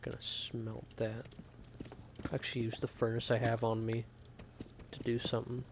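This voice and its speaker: A man's voice: mid-range voice, completely flat delivery, normal speed, background noise. A young man streaming a game, chatting casually and rambling to his viewers in a self-deprecating way. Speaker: gaming streamer. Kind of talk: casual gameplay chat with chat. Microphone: desk microphone.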